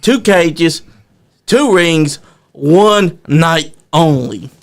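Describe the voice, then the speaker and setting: A man's voice: on the high side, expressive, extremely slow, vocal fry. A man co-hosting a wrestling promo chat, protesting over and over that the accusations against him are untrue. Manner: defensive, protesting denials. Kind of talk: casual chat.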